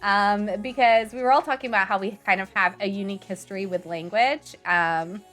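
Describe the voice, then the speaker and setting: A woman's voice: medium pitch, a little fast, fairly bright tone, faint music behind. A young woman streaming a life-simulation game, who grew up speaking French and English, chatting with viewers in a bubbly, giggly way. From grew up bilingual in French and English. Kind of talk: casual live-stream chat over gameplay.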